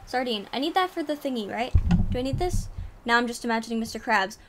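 A woman's voice: a little high, animated, fast, background noise. A woman streaming a game live, chatting casually in a playful, rambling way. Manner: playful, rambling, giggly asides. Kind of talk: casual live gameplay chat.

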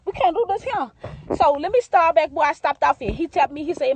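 A woman telling comic stories in a sassy, animated way, talking straight to the viewer. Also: sits high, brisk, a little hiss or hum. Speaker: comedic vine creator. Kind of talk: comedic storytelling monologue.

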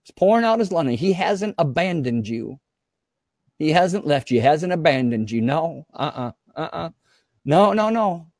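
A man's voice: a little high, sing-song, moderate pace, darkish tone, no room sound, clean studio sound. A man preaching as a guest pastor, fervent and repetitive, often speaking in the voice of God to his viewers.

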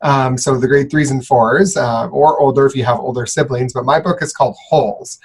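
A man from a school's staff talks to students in a relaxed, easygoing way, often pausing on "uh" and "um." His voice is a little husky, at an ordinary middle pitch. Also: low-quality recording. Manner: relaxed, with frequent "uh" and "um". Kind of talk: casual chat to students.

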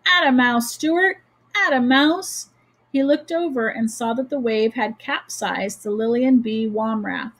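A woman teacher reading a children's chapter book aloud in a steady, expressive storytelling manner. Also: a little high, husky, rough recording.

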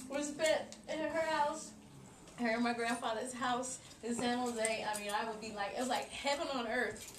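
A woman's voice: a little high, lively intonation, normal speed. A young woman giving a rambling, emotional tribute to her grandmother at a family gathering. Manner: rambling, tearful and effusive. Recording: roomy, distant home camcorder with noise.

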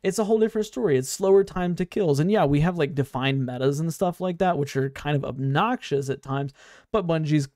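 Gaming creator, male, voice sitting a bit high, talks off the cuff and restarts often. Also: brisk, a little mellow, no room sound, clean studio sound. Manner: rambling, many fillers and restarts. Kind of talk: casual unscripted commentary.

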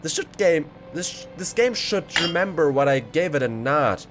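A man giving excitable let's play commentary, exclaiming and rambling as he goes. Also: on the high side, moderate pace, over music. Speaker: gaming video creator. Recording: clear background game noise.

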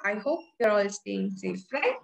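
A woman teacher greeting children and reading a story aloud slowly, with lively voices for the characters. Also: mid-range voice, vocal fry. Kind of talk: classroom reading and explanation. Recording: echoey room.

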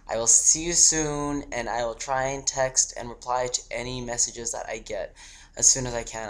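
A man's voice: mid-range voice, fairly bright tone. A man, giggling and rambling through a casual holiday video message. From Australia. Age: 20s. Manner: rambling and giggly, talking to a toy. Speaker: vlogger.

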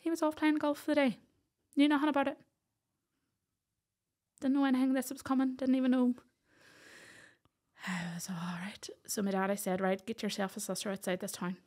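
Here a thirties-aged woman from Northern Ireland appears as a podcast guest, bringing a personal anecdote to life and impersonating the people in it. She has a high-pitched voice, a moderate pace, and long pauses.

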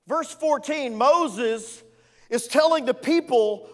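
A man's voice: high-pitched, expressive, a little slow, pauses often, in a large hall. A male executive pastor preaching a sermon in a playful, conversational way, with asides to the congregation.

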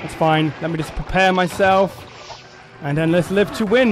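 A man commentating his own gameplay, excitable and quick to shout and laugh at the game. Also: high voice, background noise. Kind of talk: let's play commentary.

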